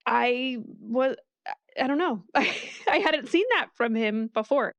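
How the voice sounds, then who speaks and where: A woman's voice: on the high side, unhurried, no echo. A woman co-hosting a podcast, chatting casually and thinking aloud in a reflective way. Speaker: podcast co-host. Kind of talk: casual book discussion.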